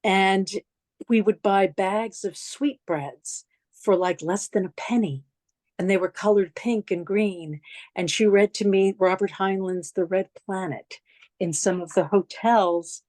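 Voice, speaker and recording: A woman's voice: mid-range voice, measured pace, a little mellow, no room sound. A middle-aged woman with a New York accent, giving a memorial lecture as conversational, reflective personal storytelling with slides. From New York City. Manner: conversational, reflective, frequent restarts and asides.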